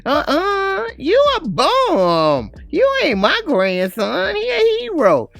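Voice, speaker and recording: A man putting on the voice of a cranky, confused elderly grandmother who scolds loudly. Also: huge pitch swings, slow, vocal fry, heavily acted. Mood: scolding. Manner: loud, scolding, shrill.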